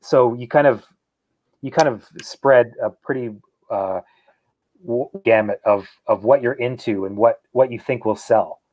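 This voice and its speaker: A man's voice: mid-range voice, unhurried, darkish tone, dry recording, rough recording. Modest man, dry close sound. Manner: modest, rambling, self-effacing. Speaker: guest artist. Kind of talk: casual chat.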